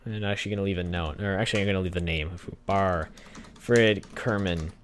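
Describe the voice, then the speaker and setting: A man's voice: low-pitched, fairly quick, slight background noise. A young man hosting a gaming channel, giving casual gameplay commentary, chatting to the characters on screen and getting easily exasperated.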